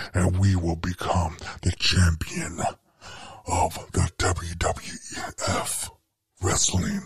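A man putting on a gravelly werewolf wrestler. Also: low-pitched, darkish tone, slight background noise, heavily acted. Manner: slow, growling, with whispered threats. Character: brooding male werewolf wrestler cutting a promo. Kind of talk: wrestling promo parody.

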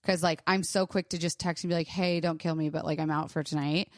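Animated young woman, casual podcast chat. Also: deep voice, a little fast, dry recording, clean studio sound. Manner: animated, swearing, acts out quoted voices. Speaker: podcast co-host.

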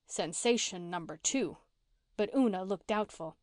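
A woman narrates a classic novel for an audiobook, following a script with an even, measured storytelling delivery. Her pitch is medium and the studio sound is dry and clean.

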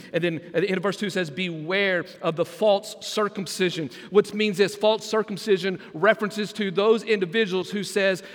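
A man's voice: high-pitched, a bit bright, in a large hall. A man preaching a sermon as senior pastor, joking with the congregation and drawing back "Amen?" replies. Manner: preaching with jokes and call-and-response asides.

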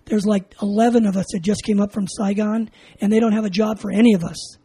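A man's voice: high-pitched, quick pace, slightly rough, poor audio. An older man from California, a veteran being interviewed, telling a story with lots of laughs and acted-out dialogue. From California, USA. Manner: animated, acts out dialogue, laughs often. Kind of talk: oral history storytelling.

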